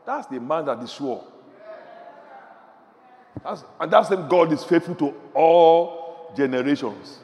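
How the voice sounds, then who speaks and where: A man preaching a sermon fervently, dropping to quiet murmurs and rising to shouts. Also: sits high, sing-song, normal speed. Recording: long hall reverb.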